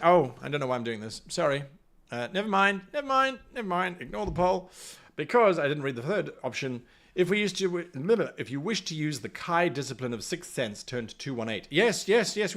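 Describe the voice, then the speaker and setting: A man's voice: medium pitch, expressive, brisk, a bit bright. A man acting as game master, reading a solo adventure gamebook aloud and chatting with his live viewers, thinking aloud with playful asides.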